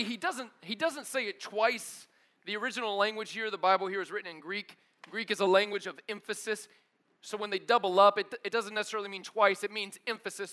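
A man preaching a sermon with animated storytelling, casual slang, and acted-out voices. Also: high-pitched. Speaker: pastor.

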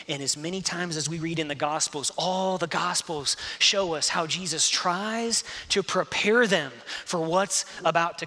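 High bright-voiced man preaching. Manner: impassioned, swings between hushed and loud. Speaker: pastor. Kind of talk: sermon. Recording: reverberant hall.

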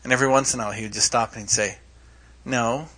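A man co-hosting a podcast in casual chat, eager and quick to laugh. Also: fairly low pitch, fairly even intonation, bright, forceful tone. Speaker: podcast co-host.

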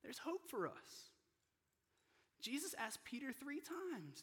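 A pastor preaching a sermon in an earnest, personal way, growing emotional and sinking to a hushed near-whisper at tender moments. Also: male voice, very high-pitched, very animated, takes it slowly, breathy edge, long reverb tail. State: emotional, choking up. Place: church sanctuary.

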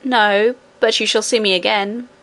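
A woman voicing an ancient, gentle queen and great-great-grandmother, speaking calmly and assuredly. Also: mid-range voice, a little slow.

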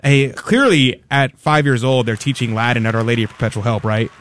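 A man's voice: mid-range voice, a little fast, a bit bright. Playful male radio quiz host. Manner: playful, joking, upbeat encouragement. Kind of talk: game-show style quiz hosting on radio.

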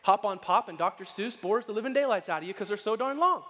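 A man preaching a sermon as pastor, animated and playful, acting out quoted voices as he goes. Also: high-pitched, fast talker. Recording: long hall reverb.

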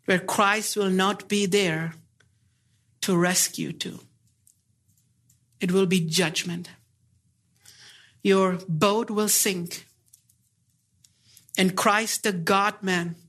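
A man preaches a sermon in an earnest, deliberate way, pressing his listeners with pleading rhetorical questions. His voice is high-pitched with a fairly bright tone.

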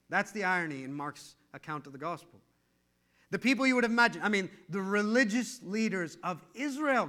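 A man preaching a sermon as pastor, swinging between loud emphatic peaks and hushed low lines, acting out quoted voices along the way. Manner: acts out quoted voices in conversational asides.

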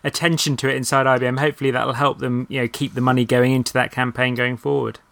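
A man hosting a podcast panel who moves the talk along briskly from topic to topic. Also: medium pitch, flat delivery, gravelly, fairly bright tone. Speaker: podcast host.

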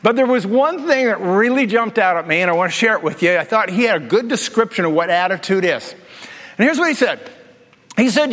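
A man's voice: high-pitched, animated, brisk, fairly bright tone, long reverb tail. A man preaching as a pastor, joking and asking his congregation questions in a conversational way. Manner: humorous, conversational, asks the audience questions. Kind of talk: sermon. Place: church.

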